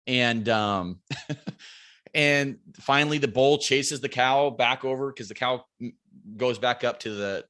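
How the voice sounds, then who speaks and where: A man, a podcast guest, telling a lively hunting story and acting out what everyone said, swearing freely. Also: medium pitch.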